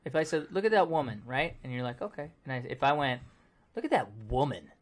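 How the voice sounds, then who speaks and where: A man's voice: on the high side, quick pace. A man co-hosting a podcast in casual chat, who acts out quoted voices and laughs often. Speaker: podcast co-host.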